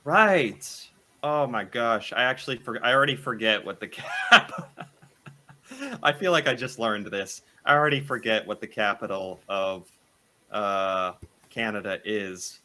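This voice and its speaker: A man's voice: on the low side, unhurried, sharp tone. A young man from the United States hosting a casual reaction video, thinking aloud and laughing often.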